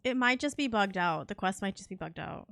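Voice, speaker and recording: A woman's voice: medium pitch, animated, brisk, gravelly, fairly bright tone, dry recording. A young woman streaming a cozy game, chatting casually with her viewers and teammates, playful and laughing often. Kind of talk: casual live-stream chat while gaming.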